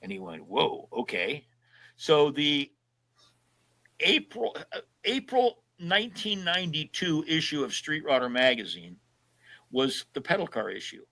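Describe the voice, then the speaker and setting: A man's voice: on the high side, very animated, unhurried, sharp tone, rough recording. An older man, a guest in an interview, telling casual stories and acting out both sides of old conversations in a folksy way. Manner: folksy storyteller who acts out both sides of past conversations.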